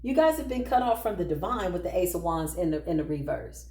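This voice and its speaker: A woman giving an animated spiritual talk and tarot reading, addressing viewers directly in a slangy, emphatic way. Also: on the low side, a little fast, echoey room.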